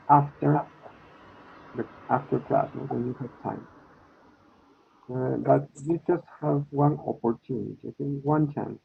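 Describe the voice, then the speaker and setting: A man teaching an online English class, slowly checking in with his students. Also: medium pitch, vocal fry, breathy edge. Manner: slow, repeats with "okay?" and "no?" checks. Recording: tinny phone-like line.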